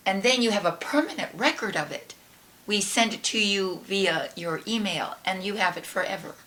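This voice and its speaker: A woman co-hosting a tarot reading show, chatting casually and then leading a slow, meditative gratitude prayer. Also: medium pitch, a bit bright. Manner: slow, meditative, trails off and restarts. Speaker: tarot reader co-host. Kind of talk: casual chat and guided prayer.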